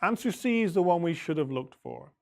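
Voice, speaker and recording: Man teaching English, slow clear model sentences. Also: fairly high pitch, expressive. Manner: slow, deliberate reading of example sentences with clear rising and falling tones. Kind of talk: going over answers in an English lesson.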